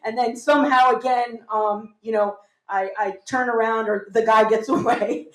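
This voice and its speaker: A woman telling a funny personal story on stage, animated and self-mocking. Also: on the high side, normal speed. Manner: animated, self-mocking, acts out voices of family. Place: small theater with live audience. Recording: roomy live theater sound.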